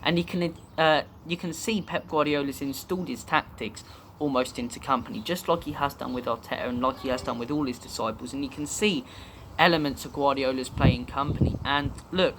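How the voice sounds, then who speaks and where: A man's voice: medium pitch, a little fast, a bit bright, a little hiss or hum. A young man from the UK hosting a football fan channel, giving chatty, opinionated commentary and drifting off topic at times. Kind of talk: casual fan commentary to camera.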